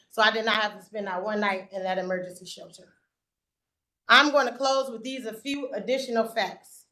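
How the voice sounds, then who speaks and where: A woman's voice: mid-range voice, pushed and bright, poor audio. A woman reading a prepared statement to a zoning board in a public meeting room. She is earnest and stumbles now and then over her notes. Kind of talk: prepared statement read aloud.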